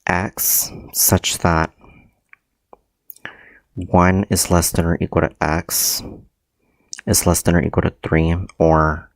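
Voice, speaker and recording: A deep-voiced man works slowly through a livestreamed math lesson, often pausing with ums and correcting himself. The sound is dry and close. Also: level tone, dry recording. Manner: hesitant, many ums and self-corrections. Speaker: math teacher.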